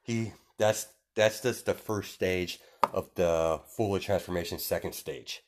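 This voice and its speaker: A man's voice: deep voice, takes it slowly, background noise. A man casually retelling a made-up story off the cuff, rambling with lots of fillers and restarts.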